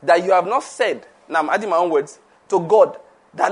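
A man's voice: high-pitched, moderate pace, slightly rough. A man preaching a conversational sermon, laughing often, repeating himself and asking the audience questions.

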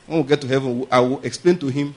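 A male preacher speaks fast in a steady, middle-pitched tone, keeping his sermon loose and conversational. Along the way he chuckles, drifts into anecdotes, and checks in with "are you getting my point?" and "all right?"

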